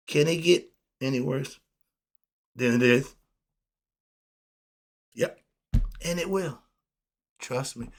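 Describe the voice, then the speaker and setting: Emphatic man ranting, slightly high voice. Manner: animated, emphatic, rhetorical questions, laughs between points; swings from loud outbursts to low mutters. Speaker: commentary channel host. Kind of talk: unscripted solo rant.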